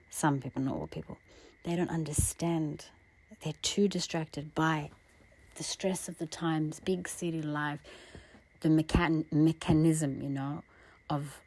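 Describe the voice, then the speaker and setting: A woman with a low, mellow voice and a gravelly edge gives an earnest, heartfelt spiritual talk as an astrologer. She speaks softly and often slips into a breathy half-whisper. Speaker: astrologer and tarot reader. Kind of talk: reflective spiritual monologue with a personal story.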